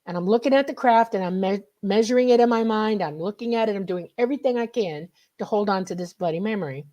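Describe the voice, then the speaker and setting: A middle-aged woman from the United States, a guest on a radio show, telling a personal story in a lively way and acting out her past reactions. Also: medium pitch, fast. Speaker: guest, contactee.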